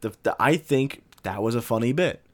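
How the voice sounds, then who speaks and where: A man's voice: mid-range voice, moderate pace. A man casually reviewing a movie, blunt and swearing freely.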